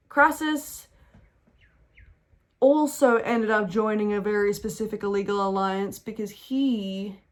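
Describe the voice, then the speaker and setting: A young woman giving a casual, rambling history lesson full of slang, swearing and playful asides. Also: on the high side. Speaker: history explainer.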